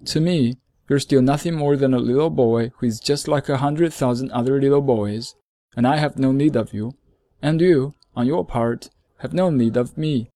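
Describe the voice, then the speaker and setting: A man voicing a gentle, lonely male fox in a storybook reading, earnest and measured, explaining things slowly. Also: mid-range voice, dry recording, studio quality, natural voice.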